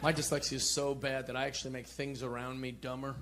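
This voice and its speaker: A man in his forties doing stand-up, with self-deprecating deadpan setups and shouted punchlines. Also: medium pitch, quick pace. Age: 40s. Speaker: stand-up comedian. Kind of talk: stand-up routine. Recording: comedy club with crowd laughter and noise.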